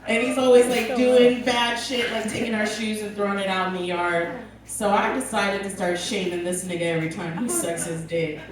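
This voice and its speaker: A woman's voice: medium pitch, steady tone, moderate pace, crowd noise. A young woman doing a crude, brash stand-up set, laughing at her own jokes, recorded on a club stage. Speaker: stand-up comedian. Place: comedy club stage with audience. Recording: echoey club from far off, audience laughter.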